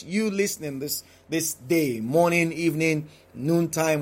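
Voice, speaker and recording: A man's voice: a little high, darkish tone. A man preaching a daily devotional, emphatic and repetitive, often asking the listener questions.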